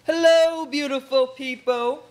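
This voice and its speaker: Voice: high voice, steady tone, a little slow. A performer playing a self-important male bachelor in a student radio play, with a grand, showy delivery. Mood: grandiose. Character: pompous male bachelor on a dating show. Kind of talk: student live radio theatre.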